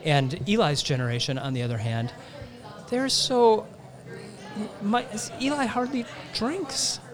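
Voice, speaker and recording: A middle-aged woman talks in a loose podcast chat, stopping and restarting mid-thought. Her pitch sits in the middle range. A loud crowd murmurs behind her. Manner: halting, many restarts. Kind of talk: casual chat. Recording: lively crowd noise behind.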